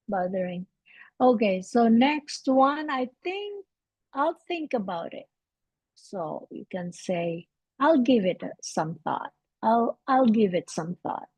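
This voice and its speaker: A woman hosting a live English lesson from home, talking in a relaxed, halting way with many fillers and restarts. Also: mid-range voice, slightly rough, no echo, highs cut off. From Canada. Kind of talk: casual livestream teaching.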